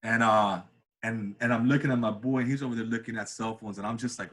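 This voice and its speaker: Casual male interview guest, 30s, husky, animated storyteller who does voices. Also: fast. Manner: animated, acts out quoted voices with big pitch jumps. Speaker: interview guest, comedian and cinematographer.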